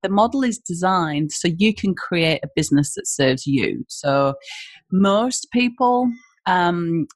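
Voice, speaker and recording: A woman's voice: on the low side, lively intonation, slow pace, no room sound. A woman with an Australian accent, a business founder talking as a podcast guest in a rambling, chatty way full of "you know, like". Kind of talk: casual podcast interview.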